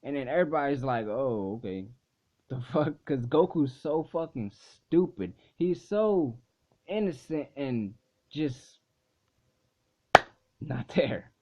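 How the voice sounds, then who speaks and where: A man's voice: on the high side, expressive, slow pace. A young man casually recapping an anime episode in a rambling way, full of swearing and filler words. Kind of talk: casual video review recap. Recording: dull lo-fi recording.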